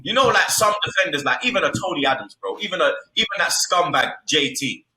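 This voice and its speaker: Young man, football podcast co-host. Loud, profane street-slang rants in a bright, animated voice, recorded in a roomy space. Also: fairly high pitch, fast talker, slight background noise. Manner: loud, swearing, repeats street slang tags. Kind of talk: heated casual football banter. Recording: echoey room.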